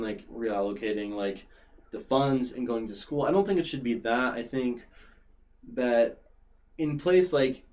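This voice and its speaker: A young man chatting casually as a podcast guest, telling stories with lots of fillers. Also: mid-range voice. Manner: animated storyteller, many fillers like "like". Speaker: podcast guest and former regular.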